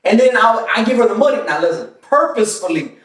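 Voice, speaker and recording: A man's voice: high voice, quick pace, recorded from a distance. A man hosting a casual podcast, telling a story with laughs and acted-out quotes. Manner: animated, laughing, acts out quotes in voices. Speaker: podcast host. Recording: echoey room, off-mic.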